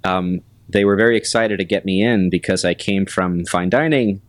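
A man in his forties, a restaurant manager and guest, telling stories in a measured way with many pauses and fillers. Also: low-pitched, no room sound. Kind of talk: casual interview storytelling.

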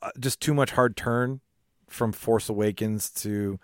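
A man co-hosting a podcast in casual chat, animated, laughing and swearing freely. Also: lowish voice, a little slow, no room sound, clean studio sound. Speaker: podcast co-host.

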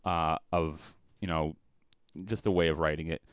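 A man's voice: very deep voice, steady tone, normal speed, clear, resonant tone, no room sound. A man hosting a comedy podcast, chatting casually and rambling through fillers. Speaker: podcast host.

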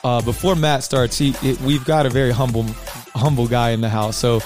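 A man's voice: medium pitch, steady tone, brisk, a little mellow, soft background music. A man who works as a coach, hosting a podcast in an upbeat, rambling way with lots of fillers. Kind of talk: casual podcast chat.

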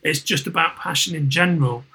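Opinionated Liverpool man, bright voice. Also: a little high, brisk, poor audio. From England. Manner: opinionated, talkative, swears freely. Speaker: podcast guest and co-host. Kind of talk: casual chat.

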